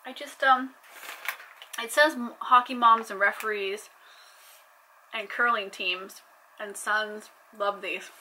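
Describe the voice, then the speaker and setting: A woman's voice: mid-range voice, steady tone, slow, long pauses, sharp tone, a little hiss or hum, poor audio. A young adult woman chatting playfully in a casual vlog, joking as she tries snacks. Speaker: vlogger.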